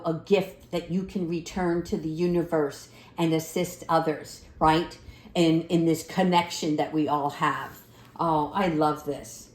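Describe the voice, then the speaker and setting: Slow, gentle woman reading tarot cards. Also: medium pitch. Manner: gentle, encouraging, affirming. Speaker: tarot card reader. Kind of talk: spiritual card reading. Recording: echoey room.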